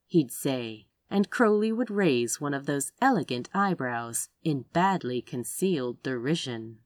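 A woman reading a romance story aloud as narrator, with expressive delivery. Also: measured pace, hardly any pauses, dry recording. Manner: expressive narration with wide pitch swings. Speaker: audiobook narrator.

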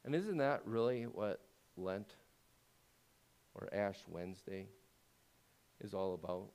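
The pastor speaks slowly yet animatedly, chatting through his sermon and posing rhetorical questions to the congregation. He turns louder and higher-pitched as he presses each point.

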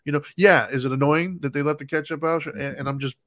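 A man's voice: on the high side, fairly even intonation, quick pace, a bit bright, no room sound, clean studio sound. A man in his thirties co-hosting a casual chat, explaining his thoughts in long run-on sentences. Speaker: podcast co-host.

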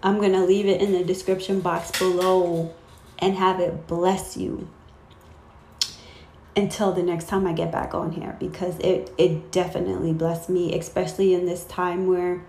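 A woman's voice: on the low side, flat delivery, normal speed, a little hiss or hum. A woman giving a casual spiritual talk to her viewers, rambling and interrupting herself with fillers. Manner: rambling, warm-hearted, self-interrupting with fillers. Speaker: faith vlogger. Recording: echoey room.

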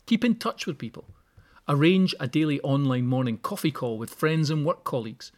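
A man's voice: fairly high pitch, expressive, a little fast. A man hosting a solo podcast, giving practical tips with wry, joking asides. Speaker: podcast host. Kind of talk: solo podcast advice talk.

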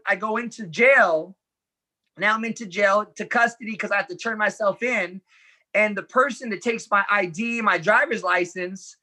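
His voice is high-pitched, bright and forceful as this man, a guest in an interview, animatedly relates his personal history. He plays out the conversations he recalls, earnest throughout.

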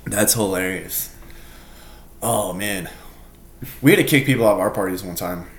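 A young man in his twenties telling party stories in casual chat, swearing and laughing, jumping into loud high-pitched quotes. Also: moderate pace, reverberant. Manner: animated, swears a lot, laughs often, jumps into loud high acted quotes.

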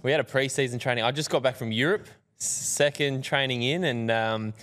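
Brief: young Aussie guy, mid-pitch, yarn-spinning guest in a studio with a long ringing reverb. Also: a little fast. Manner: animated, self-mocking storyteller. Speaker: podcast guest. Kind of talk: casual storytelling. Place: podcast studio.

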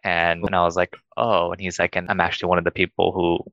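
A man's voice: sits low, monotone, very fast, no room sound, lo-fi sound. A man co-hosting a podcast, telling a story casually and acting out the quoted dialogue with animation. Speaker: podcast co-host.

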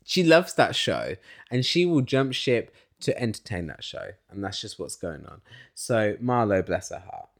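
A man's voice: lowish voice, a little slow, vocal fry. A man hosting a casual reality TV recap, talking in an opinionated way and swearing often. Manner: animated, opinionated, swears a lot.

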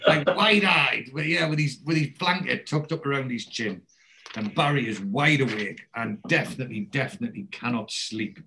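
With a mid-range voice at normal speed, a bright, forceful tone and slight background noise, this man recaps a TV series on a casual podcast. He retells the scenes chattily, performing the quoted lines as he goes.

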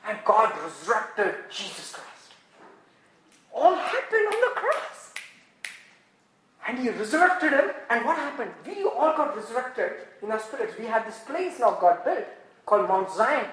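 A man preaching a sermon, animated and full of rhetorical questions. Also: very high voice, reverberant, poor audio. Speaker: pastor.

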